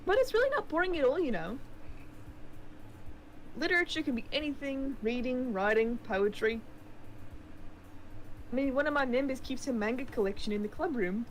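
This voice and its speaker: A sweet, popular teenage schoolgirl, put on by a woman reading a visual novel, coaxes with a lilting New Zealand accent. The voice sits high and bounces up and down with lively swings. She sounds eager and bubbly. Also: normal speed, long pauses, slight background noise. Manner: bubbly and coaxing.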